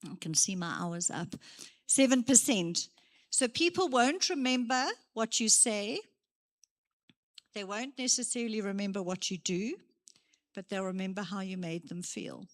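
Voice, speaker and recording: Slow, lively woman speaker. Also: medium pitch. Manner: lively, gives acted examples, moves around. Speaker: career day speaker. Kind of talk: motivational workshop talk. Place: church hall.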